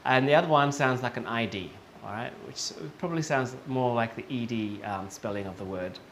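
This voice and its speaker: A man teaching English, speaking slowly and patiently, repeating example words several times and checking in with "okay?" often. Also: medium pitch, fairly bright tone, a little hiss or hum. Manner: slow and patient, with many fillers and checks of "okay?". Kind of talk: online lesson.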